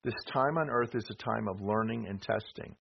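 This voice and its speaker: Man, sermon, slightly low voice, conversational asides, rhetorical questions, faint hiss. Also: moderate pace, creaky. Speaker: preacher. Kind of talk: sermon with slides. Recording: dull lo-fi with faint noise.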